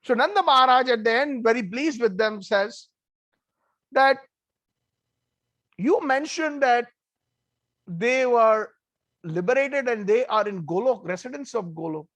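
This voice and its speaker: Man, very high voice, devotional storyteller, animated, chatty asides, dry close sound. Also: measured pace, long pauses, no room sound, muffled recording. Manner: animated, conversational, many asides. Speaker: devotional speaker.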